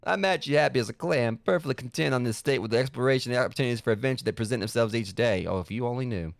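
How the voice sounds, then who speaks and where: A man voicing a middle-aged dad writing a fond letter to his son, in a slow, folksy, cartoonish sitcom-dad manner. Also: mid-range voice, gravelly, dry recording, clean studio sound, natural voice. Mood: fond, fatherly.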